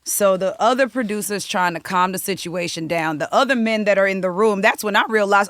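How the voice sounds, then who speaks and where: A young singer-songwriter from South Florida spins a story as a podcast guest. She talks in a lively, profane way at a middle pitch. Her voice sits dry and close. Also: a little fast, hardly any pauses, no echo. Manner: animated, profane, acts out quotes. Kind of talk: casual storytelling interview.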